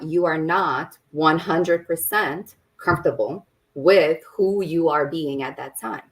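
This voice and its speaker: A woman guest on a podcast interview, explaining her views in a calm way. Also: deep voice, slow, few pauses, distant mic. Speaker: podcast guest, business owner. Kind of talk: conversational interview.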